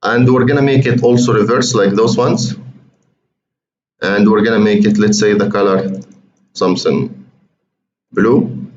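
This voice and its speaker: A man's voice: on the low side, steady tone, unhurried, long pauses, darkish tone. A man walking viewers through trading charts in a chatty, repetitive way, often calling them guys. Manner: conversational, repeats words, addresses viewers as guys. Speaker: trading educator. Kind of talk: screen-share chart walkthrough. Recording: roomy, muffled, faint hiss.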